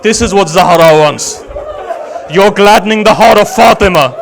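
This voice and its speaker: High-voiced man giving an emotional sermon. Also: moderate pace, gravelly, a faint crowd, slight background noise, rough recording. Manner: dramatic, quotes each figure in the story, often drops to a hushed voice. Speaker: Shia religious scholar giving a majlis. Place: religious center gathering hall.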